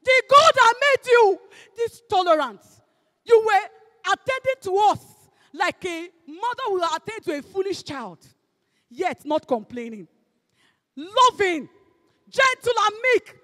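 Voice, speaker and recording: A woman's voice: extremely high pitch, very animated, a little slow. Nigerian woman preaching in a ringing hall. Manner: emphatic, swings between shouting and hushed tones, drops into Pidgin. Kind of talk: sermon.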